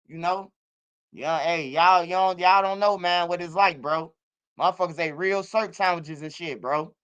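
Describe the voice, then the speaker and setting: A middle-aged man riffs in casual streaming commentary. His voice sits high and sounds bright and smooth. He drifts loosely from point to point and keeps dropping in bro and man. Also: normal speed, muffled recording. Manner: loose, streetwise, repeats words like bro and man. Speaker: commentary channel host.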